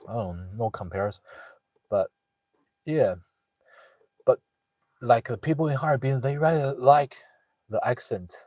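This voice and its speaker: Young guy w/ telling a story, lots of uh and restarts, kinda low voice. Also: darkish tone, no room sound, lo-fi sound. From northeast China. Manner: halting, many fillers and restarts. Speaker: guest sharing a personal story. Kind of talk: casual storytelling.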